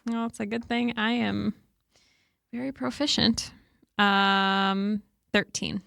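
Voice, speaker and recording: A woman's voice: medium pitch, steady tone, slow, creaky, fairly bright tone. Woman player describing her moves. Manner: hesitant, filler-heavy description. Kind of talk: tabletop game play.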